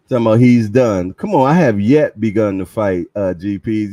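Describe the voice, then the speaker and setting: A man's voice: on the low side, moderate pace, hardly any pauses, warm tone. A man hosting a livestream, chatting casually and reading viewer comments aloud with a laid-back, slangy manner. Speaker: livestream host.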